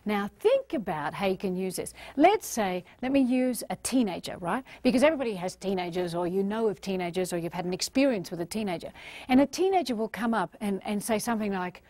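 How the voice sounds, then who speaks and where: An Australian woman giving a recorded leadership training lecture in a lively, animated manner. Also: mid-range voice, fairly quick, dry recording. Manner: animated, acts out quoted voices.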